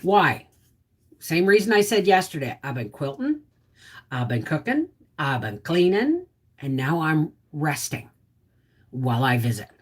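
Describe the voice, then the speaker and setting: Chatty woman with a lively voice. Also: low voice, measured pace, husky. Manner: chatty, sympathetic, talks straight to viewers. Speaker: livestream host reading viewer comments. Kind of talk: casual livestream chat.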